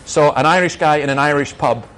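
Middle-aged male minister fielding questions; firm, argumentative delivery, slightly raised pitch. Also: fairly quick, fairly bright tone. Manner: emphatic, argumentative, anecdotal. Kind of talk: answering audience questions.

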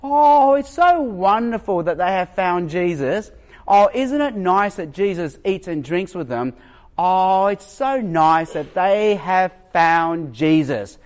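A preacher putting on the voice of a gushing, patronizing churchgoer, syrupy and condescending. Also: male voice, sits high, expressive, takes it slowly.

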